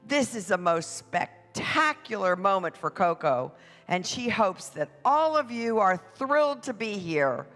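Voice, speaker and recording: Slow playful announcer hyping up a parade, bright voice, big echoey hall. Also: mid-range voice, big pitch swings. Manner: playful, drawn-out announcing to families. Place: church hall. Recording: echoey hall with music behind.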